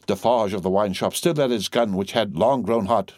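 A man's voice: lowish voice, normal speed, a little mellow, no echo, studio quality. A man narrating a classic novel aloud in an intense, rhythmic, building reading. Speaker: audiobook narrator. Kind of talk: dramatic literary reading.

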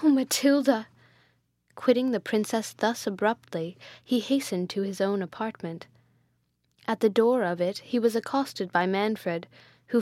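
A woman's voice: medium pitch, darkish tone, dry recording. Woman reading a gothic tale, dry sound. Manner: measured, dramatic storytelling. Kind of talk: audiobook reading of a gothic novel.

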